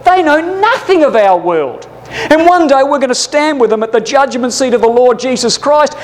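A man's voice: very high-pitched, expressive, moderate pace, rough recording. A man teaching a Bible class, preaching fervently and pressing listeners with urgent rhetorical questions. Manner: addresses listeners as brothers and sisters.

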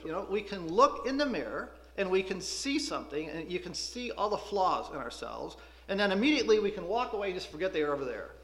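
A man delivers a Bible class sermon in a conversational, animated way. His voice sits high and moves a lot in pitch. The room around him is echoey. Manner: animated, conversational preaching with restarts. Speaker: Bible school teacher.

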